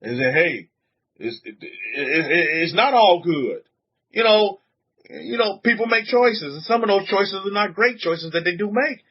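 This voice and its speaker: A man preaching a sermon to a congregation, animated, repeating words and putting questions to the room, on a dull lo-fi recording. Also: high voice, unhurried, husky. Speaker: rabbi teaching a congregation.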